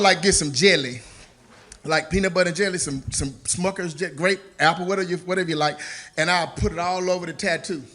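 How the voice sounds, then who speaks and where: A man's voice: high-pitched, sharp tone. A man doing a stand-up comedy set on stage, loose and playful, slipping into character voices. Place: comedy stage before a live audience.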